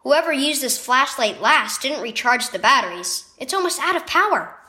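A woman's voice: sits high, expressive, normal speed, sharp tone. A woman voicing an impatient older boy who grumbles at his little brother, in a children's devotional story reading.

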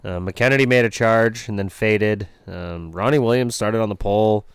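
A man with a lowish, smooth voice chats about racing on a podcast, making dry, matter-of-fact remarks. The sound is close and dry. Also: moderate pace, no echo. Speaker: podcast co-host, racer. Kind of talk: casual chat.

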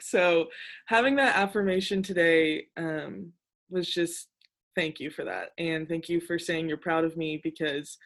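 A woman's voice: on the low side, a little slow. Gushing woman hosting. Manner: gushing, warm thanks with fillers. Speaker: podcast host. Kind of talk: casual chat.

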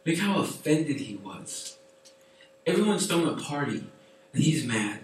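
A man preaching to a youth group in a chatty, animated way with many fillers. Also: on the high side, a little slow. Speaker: youth pastor. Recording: echoey room from far off.

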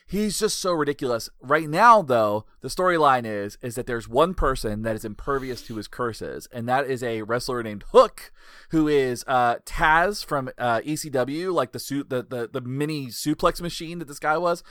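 A man hosting a casual podcast chat, telling stories in an animated way and swearing freely. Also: mid-range voice, normal speed, dry recording, studio quality.

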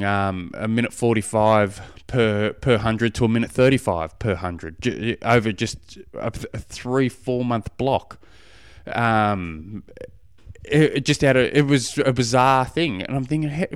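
A man talks through a personal story on his own podcast, circling back and restarting his sentences with a self-deprecating edge. His voice is smooth and clean, at an ordinary middle pitch, and the recording is close and dry with no room sound. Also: no echo. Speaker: podcast host. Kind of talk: casual spoken monologue.

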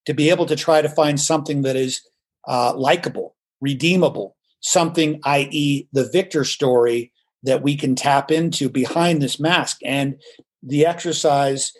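A man speaking as a podcast guest who coaches trial lawyers in theater methods, talking in an animated, theatrical, emphatic way. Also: fairly high pitch, moderate pace. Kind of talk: podcast interview.

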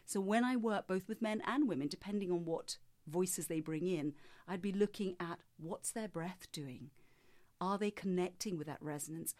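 In an interview, a woman voice coach gives long, measured, explanatory answers, sometimes demonstrating with her own voice. Her tone is darkish and her pitch a bit low for a woman.

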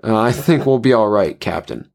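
A man voicing a calm, quiet male dream-diver who speaks low and subdued. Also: moderate pace, creaky. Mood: soothing.

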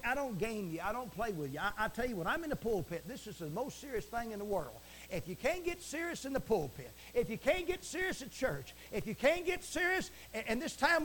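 A man preaching a fiery broadcast sermon from the pulpit, swinging from shouts to hushed asides and repeating stock phrases. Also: sits high, a little hiss or hum. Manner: repeats stock phrases like praise the Lord and it is written.

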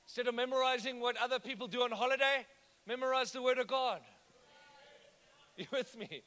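A man's voice: extremely high pitch, brisk, sharp tone. A man preaching a sermon, conversational and often asking the congregation whether they follow. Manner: conversational, asks the congregation questions. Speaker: pastor.

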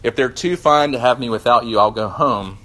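A man voicing the self-righteous ghost of a dead man, bitter, defensive and raised in pitch and volume. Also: normal speed, pushed and bright, natural voice. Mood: bitter defiance.

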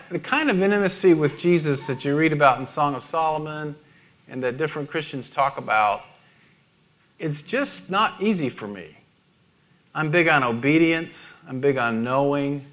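A middle-aged man preaching a sermon, halting and self-deprecating, with many restarts and small laughs. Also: on the high side, fairly bright tone. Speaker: pastor.

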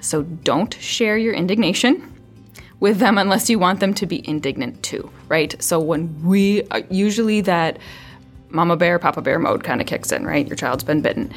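A woman with a somewhat low voice explains child behavior as a parenting podcast guest. She speaks conversationally and often eases into a quiet, soothing register. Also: moderate pace, soft background music. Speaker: early childhood mental health specialist. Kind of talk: podcast interview, advice.

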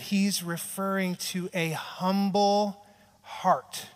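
High-voiced male pastor in a reverberant hall. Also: steady tone, unhurried. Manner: conversational preaching, tags lines with "right?", acts out quotes. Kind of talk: sermon. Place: large church hall with an audience.

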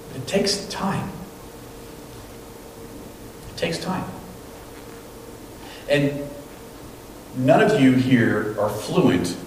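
Animated male pastor in an echoey hall. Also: mid-range voice, slight background noise. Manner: animated storytelling, acting out quotes. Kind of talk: sermon. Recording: very echoey room, mic at a distance.

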